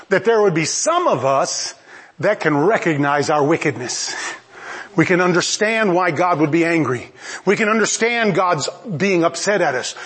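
Male preacher, high-pitched, animated and emphatic, sermon delivery with playful asides.

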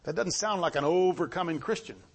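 A man preaching a sermon, reading scripture aloud and swinging between low, measured reading and high exclamations. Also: breathy edge. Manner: reads scripture in King James wording.

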